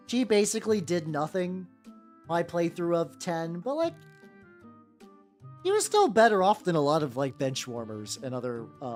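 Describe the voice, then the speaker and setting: Streamer, casual livestream chat, rambling, restarts, middle pitch, very lively intonation, faint background music. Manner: rambling, many "like" fillers and restarts; answers chat while painting. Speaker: streamer painting miniatures.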